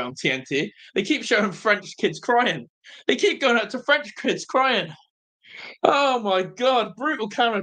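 A fan channel host with a medium-pitched voice calls a live football watch-along, breathless and overwhelmed with excitement. He shouts in celebration while chatting with viewers in the live chat.

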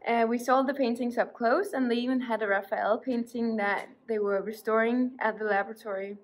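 A woman's voice: on the high side, steady tone, a little fast, slight background noise. A young woman with a Danish accent, reporting on her trip in a casual, slightly unsure way. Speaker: student vlogger.

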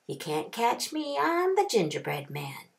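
A woman voicing a boastful gingerbread cowboy who taunts in a high singsong chant. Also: huge pitch swings, unhurried, vocal fry, exaggerated voice. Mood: taunting. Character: boastful gingerbread cowboy boy, cocky runner.

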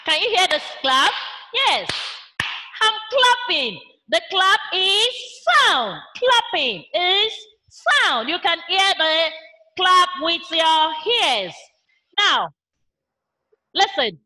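A woman's voice: extremely high pitch, sing-song, drawn-out words, pushed and bright. A woman with a Nigerian English accent teaching a primary school science lesson online, using call-and-response questions and imitating animal sounds for the children.

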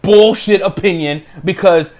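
Brief: high-pitched male co-host, loud and combative, talks over his partner in a heated argument. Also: measured pace. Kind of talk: heated debate.

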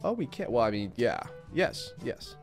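A man hosting a casual gaming chat, relaxed, swearing and laughing often. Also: mid-range voice, moderate pace, faint music behind. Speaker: gaming channel host.

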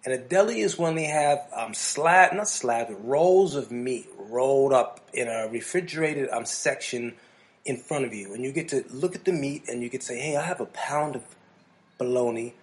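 A man from New Jersey chats on a podcast in a relaxed, middle-pitched voice. He wanders through his stories and drops into playful character voices along the way. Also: moderate pace. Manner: rambling storyteller who slips into playful character voices. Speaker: podcast co-host. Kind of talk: casual chat.

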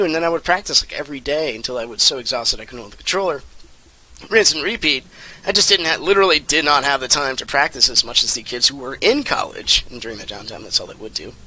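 A man in his thirties giving casual, rambling and jokey commentary while playing a game, with sudden excited outbursts. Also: mid-range voice. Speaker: let's play commentator.

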